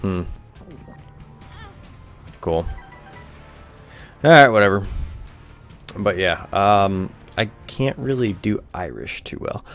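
A man's voice: on the low side, lively intonation, slow pace, pauses often, fairly bright tone, faint music behind. A young man giving rambling, offhand let's-play commentary over a video game, swearing casually. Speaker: gameplay commentator.

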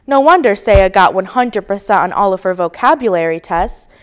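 A woman reading a children's book aloud with expressive, sing-song narration. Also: mid-range voice, normal speed. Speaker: storybook reader.

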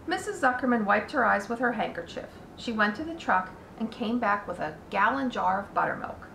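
A woman teacher reading a children's book aloud in a slow, deliberate manner. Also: medium pitch, lively intonation, vocal fry, bright, forceful tone, slight background noise. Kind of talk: read-aloud storytelling. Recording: roomy echo.

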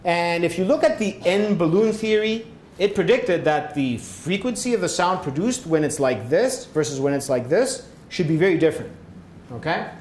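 A man's voice: expressive, moderate pace, darkish tone. A middle-aged man giving a public science lecture, explaining with frequent check-ins like "right?" and "okay?". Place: hospital lecture hall. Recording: echoey hall, faint rumble.

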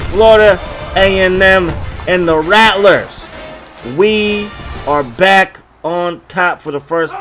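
A man doing play-by-play commentary over a football video game, excitable and breaking into loud bursts on big plays. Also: high voice.

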